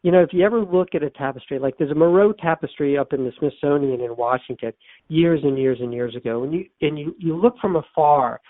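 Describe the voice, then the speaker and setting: A man's voice: on the high side, fairly quick, no echo. An older man, an author and therapist, telling a personal story in an interview, earnest and repeating phrases for emphasis. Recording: tinny phone-line sound, dry.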